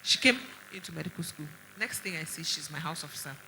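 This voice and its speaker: A middle-aged woman doctor with a Nigerian accent addresses a women's conference, her bright, forceful voice sitting low as she talks fast and animatedly. She tells stories and drives her points home with sharp rhetorical questions, heard over slight background noise in poor audio.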